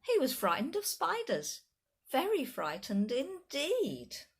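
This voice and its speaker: A woman reading a children's picture book aloud, voicing a brave young boy pirate captain in bright cheery pirate talk. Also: sits high, huge pitch swings, slow, noisy background, pitched above the performer's own voice, exaggerated voice.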